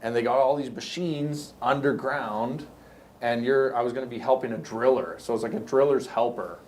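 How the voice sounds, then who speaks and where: A middle-aged Canadian man swaps stories from his years in construction, looping back on himself and restarting sentences as he goes. His voice sits at an ordinary middle pitch, with a faint hiss underneath it. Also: normal speed, a little mellow. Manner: rambling, anecdotal, frequent restarts. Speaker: podcast guest, construction company owner. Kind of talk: casual storytelling.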